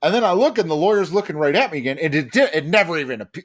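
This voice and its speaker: A man's voice: on the high side, expressive, very fast. A man co-hosting a podcast, telling a story in casual chat, full of fillers, restarts and swearing. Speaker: podcast co-host.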